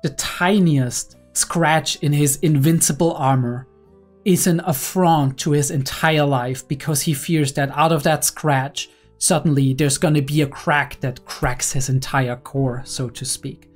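A woman's voice: sits low, a little mellow. A young woman and psychology student giving analytical anime reaction commentary, often checking in with "right?". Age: young adult.

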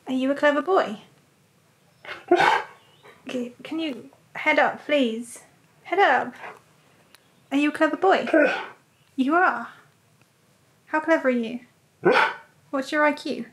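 A woman's voice: sits high, slow pace, pauses often. A woman coaxing her dog through tricks, playful and laughing often, repeating short commands. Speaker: dog owner and trainer. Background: dog sounds.

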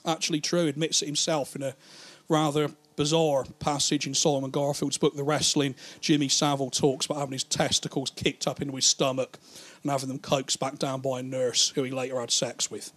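A man's voice: medium pitch, little pitch movement, brisk, a bit bright. A man doing stand-up, telling rambling, profane stories and laughing at his own jokes. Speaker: stand-up comedian. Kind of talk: stand-up storytelling.

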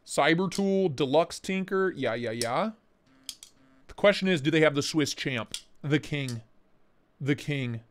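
A man hosting a casual livestream, talking in an excitable, slangy way and swearing freely. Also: on the high side, measured pace, slight background noise. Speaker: livestream host.

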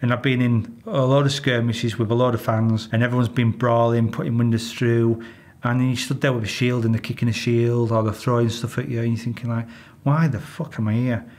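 Speaking in a mid-range, slightly mellow voice at a fairly quick clip and a level tone, this Yorkshireman is a retired copper recounting stories in a frank interview. He's blunt and exasperated, and he swears freely.

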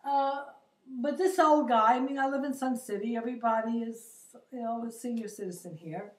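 An older woman with a fairly high voice tells a chatty, exasperated story of her day. She quotes the people she met as she goes. She is heard from some distance in a roomy, echoing space. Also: moderate pace. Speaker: vlogger. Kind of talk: casual storytelling monologue. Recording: roomy echo, distant from the mic.

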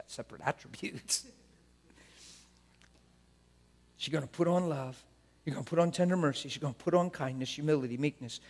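A man preaching a sermon, modeling prayers aloud and moving between hushed murmured prayer and loud, fervent declaration. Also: a little high.

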